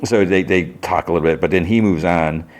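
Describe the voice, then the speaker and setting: Deep-voiced man, rambling recap. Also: a little fast. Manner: chatty, rambling retelling. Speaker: podcast host. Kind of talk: casual TV episode recap.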